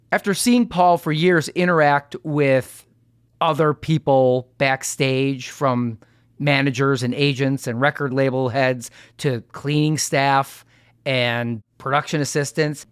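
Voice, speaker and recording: A man hosting a podcast, narrating in an earnest, measured, scripted way. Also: on the high side, smooth, dry recording, studio quality. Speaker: podcast host.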